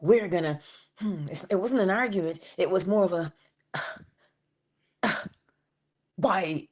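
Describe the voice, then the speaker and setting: A woman giving a morning motivational talk, dropping at times into a soft whisper and drawing out key phrases slowly. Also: fairly low pitch. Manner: shifts between full voice and soft unvoiced whisper; drawn-out, emphatic delivery with slowed phrases. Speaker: inspirational speaker.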